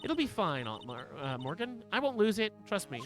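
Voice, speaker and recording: Upbeat young woman medium from a game, read by a man, high, bright and eager. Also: very animated, moderate pace, faint music behind. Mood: chirpy. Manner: chirpy, eager.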